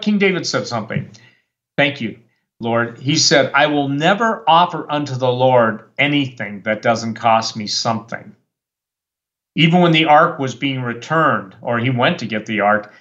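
On a muffled recording, a man with a medium-pitched, fairly bright voice delivers a fiery monologue as a guest preacher on a talk show. He's worked up and rambling, restarting his sentences again and again.

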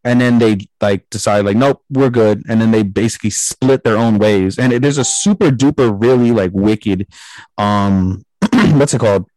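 A man's voice: lowish voice, expressive, moderate pace, darkish tone, dry recording, rough recording. A man casually recapping and rating a show, rambling with lots of fillers and swearing. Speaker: podcast co-host reviewing a show. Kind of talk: casual chat.

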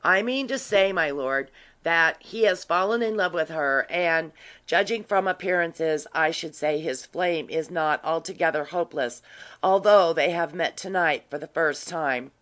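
Grave gentleman with quiet malice, dry delivery, voiced by the narrator. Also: medium pitch, a little slow, natural voice. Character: grave, quietly sly gentleman Ormiston, man. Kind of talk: audiobook reading.

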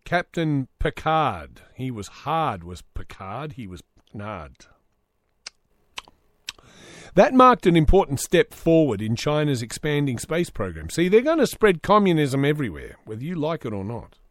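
A man's voice: a little high, very animated, normal speed, dry recording. Aussie guy doing a solo podcast, sarcastic and rambly, voice jumps all over, dry close mic. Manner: sarcastic rambling commentary, reading news aloud with asides. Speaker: podcast host. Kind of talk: solo comedic podcast monologue.

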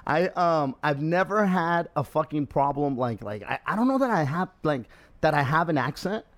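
A man's voice: a little high, expressive, normal speed, fairly bright tone. A Mexican-American man co-hosting a casual podcast, a bit tipsy after two beers, rowdy and profane, laughing often. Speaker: podcast co-host. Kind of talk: casual chat.

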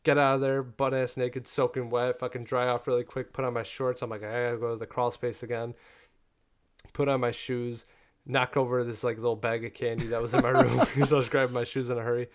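A young man telling a story in casual chat, profane and animated, full of "like" fillers. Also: medium pitch, fairly quick, clear, resonant tone.

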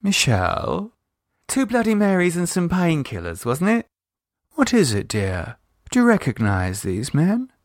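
A man's voice: on the high side, huge pitch swings, measured pace, no room sound, clean studio sound, pitched above the performer's own voice. A man voicing a refined older English lady who speaks languidly and genteelly. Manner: languid and genteel, calls people dear.

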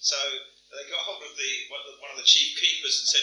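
A man's voice: medium pitch, fairly even intonation, fast, bright, forceful tone, far from the mic. An older man preaching a sermon in a church, chatty and storytelling, stammering and chuckling as he reads and tells stories. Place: church hall. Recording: echoey church hall from afar, faint hum.

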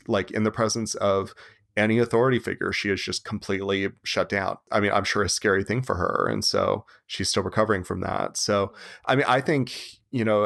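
A man's voice: lowish voice, gravelly, a bit bright. Casual man co-hosting a film podcast. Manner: thoughtful, loose, many fillers and restarts. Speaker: podcast co-host.

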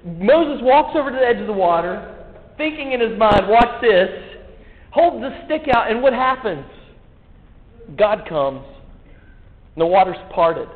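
A man's voice: high-pitched, sing-song, measured pace, pauses often. A man preaching a sermon in a folksy, joking way, full of rhetorical questions. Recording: echoey hall, tinny phone-like sound.

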